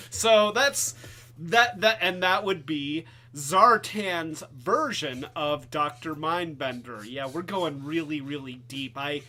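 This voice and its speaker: A man's voice: a little high, slow pace, bright, forceful tone. A man hosting a casual live-stream toy review, rambling and joking, with lots of restarts and asides. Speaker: host.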